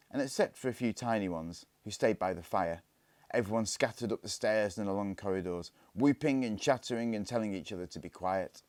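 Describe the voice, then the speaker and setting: A man reading a children's storybook aloud, calm and hushed in tense parts. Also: lowish voice, fairly quick, no room sound. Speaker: story reader. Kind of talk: storybook narration.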